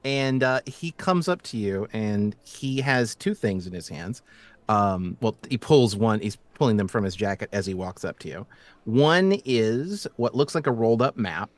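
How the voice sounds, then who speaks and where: A man narrating as game master in a tabletop session, his pitch rising and falling a lot as he describes the scene. He hesitates often and restarts his sentences. The sound is dry and close, with no room around it. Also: animated, dry recording. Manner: halting, full of ums and restarts.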